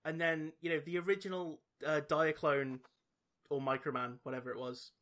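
Bright-voiced man hosting. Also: a little high, fairly even intonation, normal speed. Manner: rambling, laughs often, many fillers. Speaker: podcast host. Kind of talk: casual chat.

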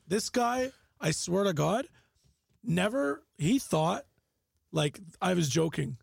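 A man with a strongly gravelly, husky voice sits at a podcast mic. He tells an animated, profane story and keeps pushing to finish it. His voice sits fairly high, and the sound is close and dry. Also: slow pace, dry recording. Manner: animated storyteller, swears freely, insists on finishing. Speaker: podcast panelist telling a story. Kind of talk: casual podcast banter.

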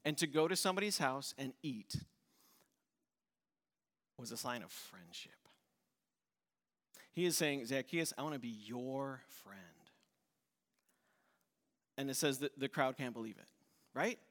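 A man preaching a sermon as pastor, in a conversational way, acting out the quoted lines with shifts in pitch and volume. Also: lively intonation, a little slow, long pauses, a bit bright, in a large hall.

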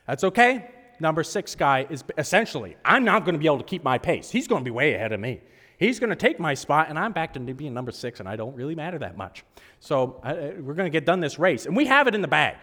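A hoarse man preaching a sermon, telling a story in an animated, self-mocking way and laughing often. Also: fairly high pitch, a little fast. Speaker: pastor. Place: church service hall. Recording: echoey hall reverb.

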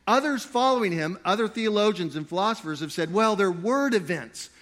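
A man preaching a sermon to a live congregation. He swings between loud, emphatic stretches and quiet asides, and he jokes with the crowd. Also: high voice, lively intonation, a little fast, hardly any pauses. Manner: playful, jokey with the crowd. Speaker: pastor.

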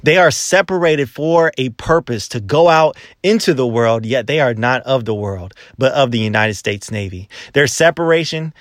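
A man's voice: mid-range voice, lively intonation, moderate pace, hardly any pauses, no echo, studio quality. A man preaching a sermon, emphatic, with rhythmic lists and repetition.

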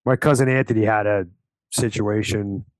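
A man with a fairly low voice talks in a relaxed, offhand way, swearing casually as he chats. The recording is dry and close, with no room sound. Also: moderate pace, dry recording, poor audio. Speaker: podcast host. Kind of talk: casual chat.

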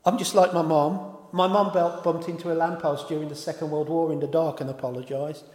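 Guy giving a sermon, a bit higher voice, loose and chatty, keeps correcting himself, big echo. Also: level tone, brisk, darkish tone. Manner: informal, self-correcting, stops to apologise. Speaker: preacher. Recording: echoey hall with long reverb.

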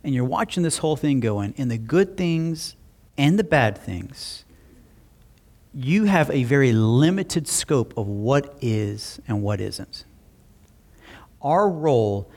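A male pastor preaching a sermon, telling stories in an animated way with personal asides. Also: mid-range voice.

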